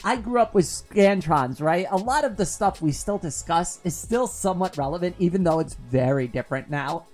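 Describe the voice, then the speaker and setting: A woman's voice: on the low side, animated, normal speed, darkish tone, soft background music. A woman in her forties chatting casually on a live stream, rambling with lots of fillers and laughing often. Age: 40s. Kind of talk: casual chat reading viewer comments.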